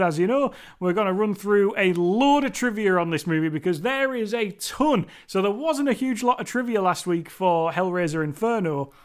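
Male podcast host, fairly high voice, rambling and eager, casual solo talk. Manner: chatty, rambling, enthusiastic with restarts.

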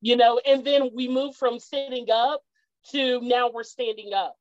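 A woman's voice: fairly high pitch, fairly even intonation, measured pace, darkish tone, no echo. Earnest woman, dull lo-fi recording. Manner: earnest, repeats key phrases for emphasis. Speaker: guest, parent. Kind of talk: heartfelt conversational interview. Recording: dull lo-fi dry sound.

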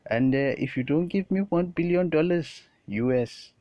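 A man doing a squeaky, overly polite villain. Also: expressive, moderate pace, no echo, lo-fi sound, close to an everyday voice. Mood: chirpy. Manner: squeaky, grinning, bowing courtesy. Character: loud, cocky male Indian villain, overly polite.

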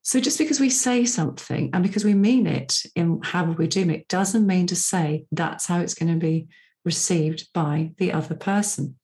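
A woman's voice: on the low side, normal speed, a little mellow. A middle-aged woman hosting a solo podcast, talking in a chatty, personal way with asides as a profiling coach. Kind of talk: casual solo podcast talk.

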